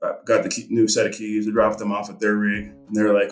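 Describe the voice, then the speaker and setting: Middle-aged man, fishing guide, loose rambling storyteller; low voice, echoey room with light music behind. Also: completely flat delivery, quick pace, few pauses. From Montana. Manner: rambling, with many fillers and restarts. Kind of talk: casual storytelling interview.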